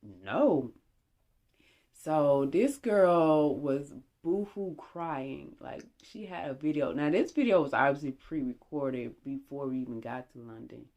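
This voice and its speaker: A young woman vlogger telling a casual, animated story and acting out bits of dialogue. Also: deep voice, slow pace. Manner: animated, chatty, acts out dialogue.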